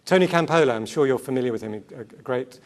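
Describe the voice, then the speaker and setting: A man giving a sermon-style talk to a Christian gathering, earnest, asking rhetorical questions and repeating key words. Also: mid-range voice. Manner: quick asides and self-corrections. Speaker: conference speaker.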